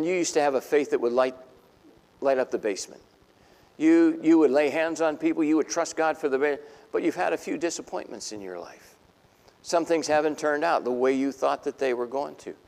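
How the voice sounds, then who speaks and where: A man preaching a sermon, telling a Bible story in lively fashion and acting out the people in it. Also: mid-range voice, long reverb tail. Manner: animated storytelling, voicing biblical figures. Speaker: pastor.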